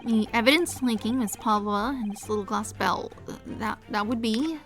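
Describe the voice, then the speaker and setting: A woman's voice: fairly high pitch, moderate pace, a bit bright, soft background music, close to an everyday voice. A woman voicing a hesitant young male lawyer who stammers and trails off. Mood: flustered. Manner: stammering, unsure.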